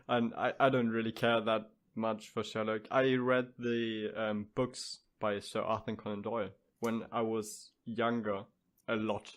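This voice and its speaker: Slow-talking laughing man. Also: on the low side, level tone. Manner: slow, laughs often between remarks. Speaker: podcast co-host. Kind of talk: casual chat.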